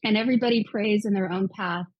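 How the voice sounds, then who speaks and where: A woman's voice: medium pitch, fairly even intonation, quick pace, no room sound, lo-fi sound. A woman in her fifties, a guest author, earnestly retelling a personal story with quoted dialogue. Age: 50s.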